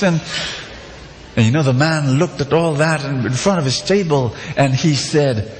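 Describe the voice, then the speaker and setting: A male preacher giving an animated sermon, leading his audience in call-and-response and repeating key phrases. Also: a little high, moderate pace. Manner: animated, repetitive, prompts audience. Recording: echoey hall, faint noise.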